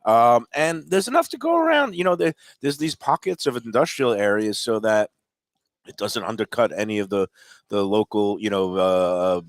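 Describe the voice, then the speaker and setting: A man hosting a casual radio show while hoarse from a chest cold, rambling with lots of fillers and restarts. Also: fairly low pitch, animated, moderate pace, dry recording, clean studio sound. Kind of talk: casual on-air chat. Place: live remote broadcast at a brewery.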